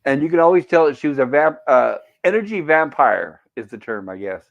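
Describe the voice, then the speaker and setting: A man's voice: a little high, expressive, a little fast, vocal fry. Chatty man on a dull lo-fi line. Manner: chatty, many restarts and asides. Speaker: chat-reading co-host on a game stream. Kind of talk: casual rambling chat.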